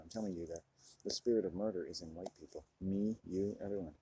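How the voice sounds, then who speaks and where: A man with a fairly low voice rants to his camera, preachy and heavy with swearing. He smokes and drinks as he talks. A faint hiss of noise sits behind him. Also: fairly even intonation, fast. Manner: profane, preaching rant. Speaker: vlogger. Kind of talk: monologue to camera.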